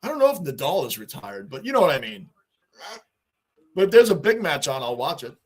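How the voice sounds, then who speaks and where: A middle-aged man talks casually on a livestream, reading chat messages and answering them. His voice sits a little high for a man. He rambles and circles back, repeating his points. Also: very animated, fairly quick. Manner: talkative, reads and answers chat, repeats himself. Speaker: livestream host.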